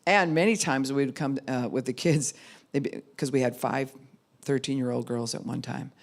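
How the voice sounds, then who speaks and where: A woman's voice: rumbling low, moderate pace, vocal fry. A middle-aged woman pastor giving a conversational sermon, acting out the people she quotes. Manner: conversational, acts out quoted voices. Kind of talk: sermon teaching.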